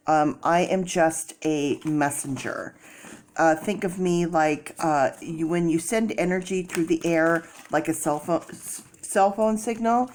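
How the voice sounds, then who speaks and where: Chatty low-voiced woman reading tarot. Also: a little mellow, a little hiss or hum. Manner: chatty, rambling, many fillers and restarts. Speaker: tarot reader.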